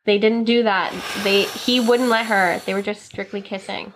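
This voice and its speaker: A young woman guest casually recapping a movie plot, animatedly acting out the characters' lines in quick voices. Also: mid-range voice, fairly even intonation, very noisy. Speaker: podcast guest.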